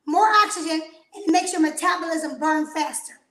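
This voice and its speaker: A woman's voice: very high-pitched, fairly even intonation, normal speed, pushed and bright, roomy sound. A woman fitness trainer, out of breath, energetically coaching a live workout, counting reps and calling out commands.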